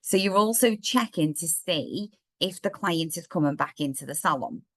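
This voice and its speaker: Slightly croaky woman on a video call. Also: lowish voice, lively intonation, moderate pace, fairly bright tone, no room sound. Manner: chatty, explaining step by step. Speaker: software trainer. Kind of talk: live online workshop demo.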